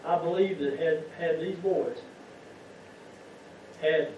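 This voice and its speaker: A man with a high voice preaches a folksy sermon, asking the congregation one rhetorical question after another. He sounds distant and muffled. A long, heavy echo fills the church around him. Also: takes it slowly, darkish tone, a little hiss or hum. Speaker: lay preacher. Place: church sanctuary.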